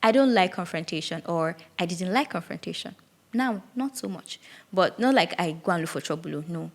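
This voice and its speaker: A woman's voice: on the low side, expressive, normal speed. Candid young woman. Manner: candid, confessional, thinks aloud with restarts. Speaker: podcast host. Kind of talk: reflective solo podcast monologue.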